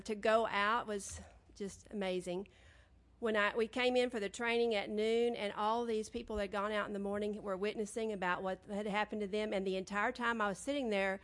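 A middle-aged woman with a drawl tells her congregation a story in a warm-hearted, chatty, self-deprecating way. Her voice sits at an ordinary middle pitch, and she talks the way she would to friends. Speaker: church member sharing testimony. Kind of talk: personal testimony to a congregation.

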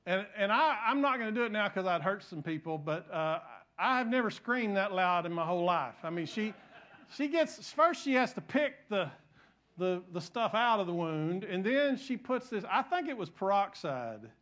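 High-voiced pastor telling a folksy story. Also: male voice, very animated, moderate pace, a bit bright. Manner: folksy storytelling with frequent restarts. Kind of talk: sermon. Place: church.

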